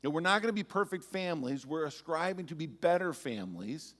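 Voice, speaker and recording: A man's voice: a little high, animated, a little fast, a bit bright. A male pastor giving a sermon in a conversational, storytelling way with touches of humor. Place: church sanctuary. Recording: church sanctuary with long reverb.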